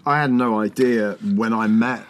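A man's voice: mid-range voice, moderate pace. A man co-hosting a podcast, telling stories in a rambling, hesitant way with many restarts. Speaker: podcast co-host. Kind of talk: casual chat.

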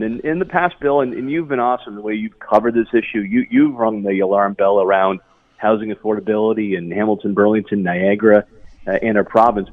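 A man's voice: fairly low pitch, gravelly, no echo. A man, an industry association chief, speaking emphatically as a guest in a radio interview. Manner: animated, emphatic, repeats words. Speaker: real estate association CEO, guest. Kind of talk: phone-in interview. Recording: tinny phone line, dry.

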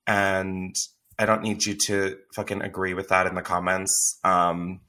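Young man, podcast host, bright voice, candid, swears freely, casual chat. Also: deep voice, completely flat delivery, unhurried. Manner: candid, profane, laughs often.

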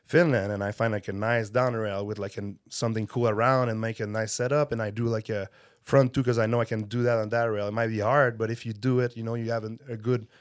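A man's voice: fairly low pitch, fairly even intonation, no echo, clean studio sound. A man from Quebec with a Quebecois French accent, a guest chatting casually and stopping often to find words, French being his first language. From Quebec, Canada. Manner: halting, searching for words, many fillers. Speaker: guest, pro snowboarder. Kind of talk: casual podcast chat.

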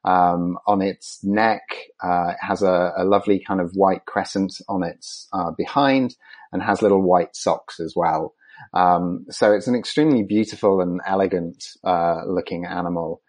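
A man's voice: low voice, moderate pace, a little mellow. A man answering interview questions as a conservation scientist, speaking with frequent ums and restarts. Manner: hesitant, many ums and restarts.

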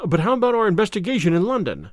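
A man reading aloud, voicing an earnest, courteous young gentleman in a classic detective story. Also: high-pitched, wildly swooping pitch, racing, no room sound, clean studio sound, voice pushed up. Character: young man, unwell, eager, polite gentleman.

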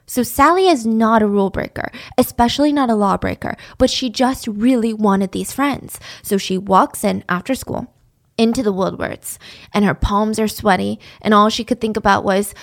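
A woman telling a story in a chatty, animated way with dramatic asides. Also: medium pitch, moderate pace, gravelly. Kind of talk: casual storytelling.

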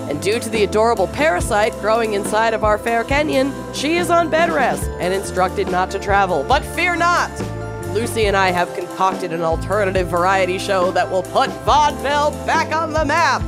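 A woman's voice: mid-range voice, expressive, normal speed, music in the background. A woman podcast co-host making a theatrical, mock-grand announcement.

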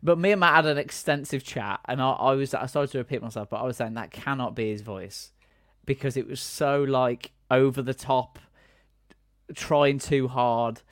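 A man's voice: mid-range voice, normal speed, no room sound, clean studio sound. A man hosting a casual podcast chat, asking his co-hosts questions. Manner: inquisitive, asks the others questions.

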